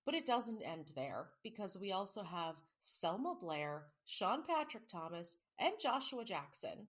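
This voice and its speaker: A woman's voice: medium pitch, sing-song, unhurried. A woman co-hosting a casual book podcast, chatty and self-mocking, swearing now and then. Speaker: podcast co-host. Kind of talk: casual chat.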